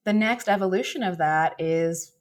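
A young woman co-hosting a podcast, telling personal stories in a relaxed, chatty way. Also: lowish voice, normal speed. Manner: anecdotal, laughs while telling stories. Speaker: podcast co-host. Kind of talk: casual chat, storytelling.

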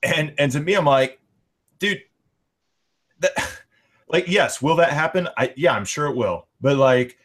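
A man's voice: a little high, unhurried, long pauses, a bit bright. A man co-hosting a discussion podcast, talking casually with lots of fillers and restarts. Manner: conversational, many fillers and restarts. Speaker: podcast co-host.

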